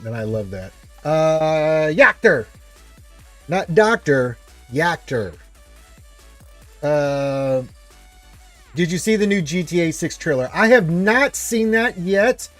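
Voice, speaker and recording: Chatty gaming stream host, higher-pitched man. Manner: chatty, reads viewer greetings aloud. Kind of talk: casual live stream chat.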